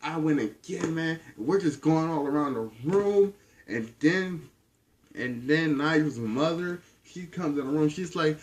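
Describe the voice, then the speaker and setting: A man telling a storytime tale in a casual, animated way, filling pauses with "man.". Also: on the high side. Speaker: vlogger. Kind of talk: storytime vlog.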